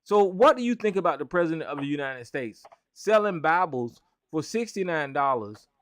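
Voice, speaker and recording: A man's voice: on the high side, big pitch swings, normal speed. Profane, stumbling man hosting a call-in show. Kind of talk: heated call-in debate.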